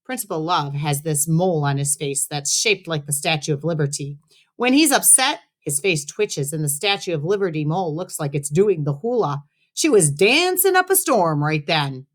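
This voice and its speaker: A woman teacher reads a children's novel aloud for her class with a slightly low voice. Her delivery is expressive and friendly. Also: normal speed. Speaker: teacher reading aloud to students. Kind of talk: read-aloud storytelling.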